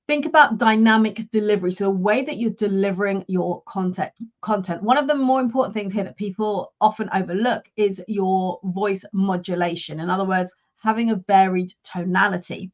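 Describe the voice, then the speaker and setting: A woman working as a leadership and career coach, giving a measured, instructive talk straight to her live viewers. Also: mid-range voice, dull audio.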